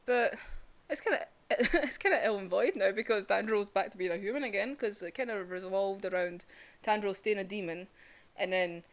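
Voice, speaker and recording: A young woman gushing excitedly through a casual manga chapter review, full of fillers. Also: mid-range voice, a little fast.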